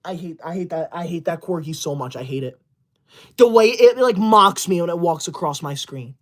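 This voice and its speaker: A woman's voice: on the low side, lively intonation, moderate pace. A woman livestreamer chatting with viewers, scolding them in a mock-indignant, theatrical huff.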